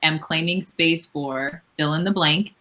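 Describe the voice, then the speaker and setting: A woman's voice: deep voice, unhurried, pushed and bright. A woman hosting a casual live book talk, effusive and encouraging, with many restarts and fillers. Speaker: author and host of book event.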